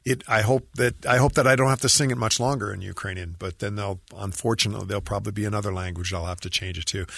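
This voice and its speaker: A man's voice: on the low side, fairly even intonation, fast talker, vocal fry, a bit bright, no room sound, clean studio sound. A man, a musician guest, talking in an earnest, reflective, friendly way in a casual interview.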